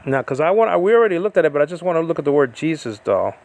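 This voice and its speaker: A man teaching a Bible lesson in a halting, informal way, with many fillers as he sounds out Hebrew and Greek words. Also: on the high side, very animated, darkish tone, slight background noise. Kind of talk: informal scripture study.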